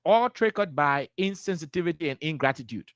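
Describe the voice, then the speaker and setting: A man's voice: fairly high pitch, animated, brisk, dry recording, studio quality. Impassioned Liberian man on the radio. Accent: Liberian English. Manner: impassioned, repetitive, rhetorical questions. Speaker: radio talk show host. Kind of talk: political commentary. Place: radio studio.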